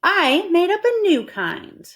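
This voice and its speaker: A woman's voice: very high voice, very animated, takes it slowly, a bit bright, pitched above the performer's own voice, exaggerated voice. A woman voicing an eager, literal-minded young housekeeper in a storybook reading, asking earnest, puzzled questions.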